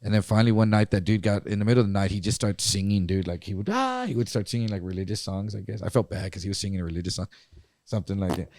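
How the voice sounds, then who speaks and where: A man co-hosting a podcast, telling a story in a casual, profane and animated way. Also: lowish voice, racing, no room sound, clean studio sound. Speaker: podcast co-host.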